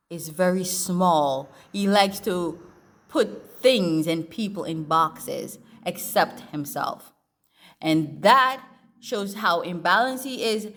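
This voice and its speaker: A woman talking candidly to camera in a blunt, profane and emotional personal monologue. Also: medium pitch. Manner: earnest, emotional storytelling.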